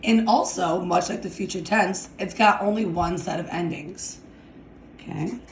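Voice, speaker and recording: Slow, deliberate woman teaching grammar. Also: fairly low pitch, roomy sound, slight background noise. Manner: slow, deliberate, repeats "okay?" to check understanding. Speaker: Spanish teacher. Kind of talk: classroom grammar lesson.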